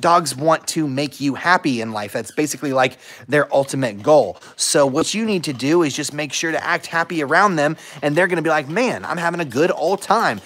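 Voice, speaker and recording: A man hosting a casual dog-training livestream, upbeat and energetic, chatting with viewers and praising his dog. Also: fairly high pitch, fairly quick, few pauses. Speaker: dog-training channel host.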